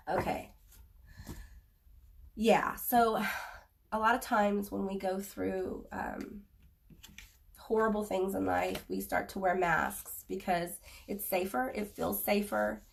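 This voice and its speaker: A woman giving a spoken tarot reading to viewers, earnest and halting, offering gentle reassurance. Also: medium pitch, steady tone, gravelly, recorded from a distance, slight background noise. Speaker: tarot reader.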